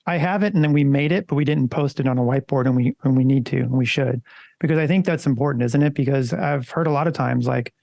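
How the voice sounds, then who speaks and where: Gravelly man chatting on a podcast. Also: mid-range voice, quick pace, dark tone, dry recording. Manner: conversational, loose and swearing. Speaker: podcast co-host. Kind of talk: casual podcast chat.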